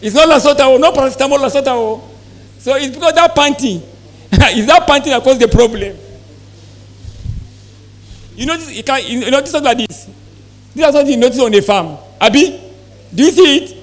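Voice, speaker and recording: High-voiced man presenting to farmers. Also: expressive, normal speed, long pauses. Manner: asks the audience questions, repeats key points. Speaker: poultry health presenter. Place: exhibition hall presentation.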